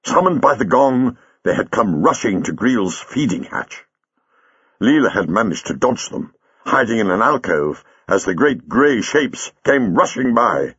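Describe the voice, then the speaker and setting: Man, audiobook narrator, expressive, measured, slightly husky, dry studio, a bit muffled. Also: fairly low pitch, no room sound.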